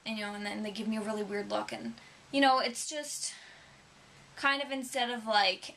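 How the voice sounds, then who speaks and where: Young female vlogger, bright tone, rambling casual chat. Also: a little high, steady tone, moderate pace. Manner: rambling, chatty, lots of "um" and "like".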